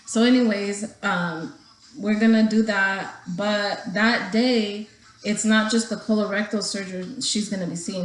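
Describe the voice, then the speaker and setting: A young woman vlogger rambles casually to her viewers, emotional and holding back tears as she talks. Her voice is medium-pitched, and the audio is poor, recorded in an echoey room.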